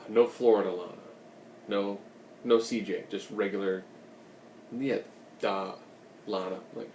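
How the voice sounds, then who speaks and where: A man's voice: on the low side, fairly even intonation, measured pace, pauses often, darkish tone, far from the mic, slight background noise. Chatty man recapping a show, echoey room. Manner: chatty, rambling, joking asides. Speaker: recap host. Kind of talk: casual TV recap.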